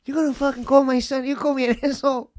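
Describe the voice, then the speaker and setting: A woman's voice: high voice, level tone, fast talker, darkish tone, close to an everyday voice. A woman voicing a brash, confrontational middle-aged dad with a New Jersey accent, as a bit in podcast chat. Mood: belligerent.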